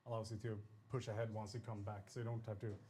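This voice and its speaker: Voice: mid-range voice, little pitch movement, fast, dark tone, slight background noise. A guest on a live stream, explaining things in an easygoing, casual way.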